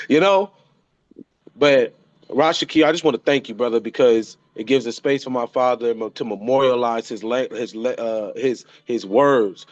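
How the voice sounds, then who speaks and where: A man in his thirties speaks an emotional tribute to his father, stumbling over and repeating his phrases. His voice sits at an ordinary middle pitch. The sound is dry and a little muffled. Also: moderate pace, no room sound. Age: 30s. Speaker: son paying tribute. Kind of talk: heartfelt spoken tribute.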